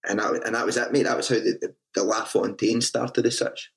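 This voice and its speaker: Gravelly Scottish man swapping stories. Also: fairly low pitch, fairly even intonation, brisk. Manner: swears freely, restarts a lot, self-mocking. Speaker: band frontman and guest. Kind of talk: casual interview storytelling.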